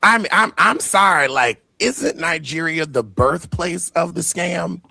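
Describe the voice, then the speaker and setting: A man's voice: fairly high pitch, animated, slow, gravelly, bright, forceful tone, dry recording, clean studio sound. A man, hosting a reaction show, talking in a casual, mocking way and swearing freely. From the Bronx, New York. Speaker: host reacting to an interview.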